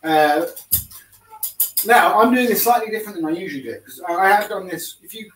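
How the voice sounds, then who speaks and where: A man, co-hosting a home cooking video, explaining in a relaxed, self-mocking way as he cooks. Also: high voice, fairly quick, far from the mic, slight background noise. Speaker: cooking show co-host. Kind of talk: casual cooking demonstration. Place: home kitchen. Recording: roomy kitchen sound, away from the mic.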